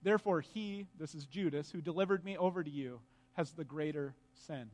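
Earnest high-voiced preacher in a reverberant hall. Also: male voice, normal speed, darkish tone. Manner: earnest, emphatic, rising questions, reads scripture aloud. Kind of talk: sermon teaching from scripture.

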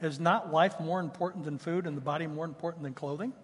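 A man in his fifties delivers a sermon with a high-pitched, husky voice. He moves between scripture and chatty personal stories. His words ring out with the long reverb of a church hall. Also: quick pace. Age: 50s. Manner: conversational preaching mixed with personal stories. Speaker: pastor. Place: church sanctuary.

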